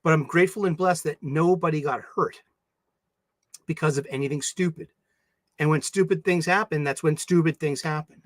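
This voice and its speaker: A man chatting casually on a livestream, rambling and animated, often breaking into laughs. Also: on the high side, moderate pace, dry recording. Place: home studio.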